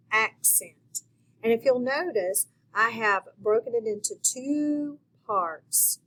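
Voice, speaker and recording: A woman teacher taking young learners through a phonics lesson at an unhurried pace. Her voice is bright and a little husky, sitting slightly high, and she talks patiently and encouragingly, as if the children were right there with her. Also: poor audio. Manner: slow, patient, encouraging, talks to viewers directly.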